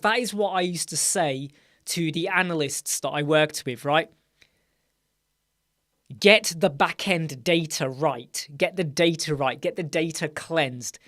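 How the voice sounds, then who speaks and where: A man's voice: fairly high pitch, fairly bright tone. A man with a British accent, tired, hosting a live Q&A stream, rambling, correcting himself and checking in with "right?" as he goes. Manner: rambling, self-correcting, asks "right?" often. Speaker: livestream host.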